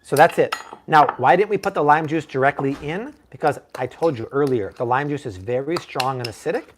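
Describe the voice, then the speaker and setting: A playful man hosts a live cooking stream from his home kitchen, his voice sitting a little high for a man. He jokes and chats easily with his viewers. Faint kitchen noise hums behind him. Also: animated, fairly quick. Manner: playful, jokey, puts on mock accents. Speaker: cooking show host.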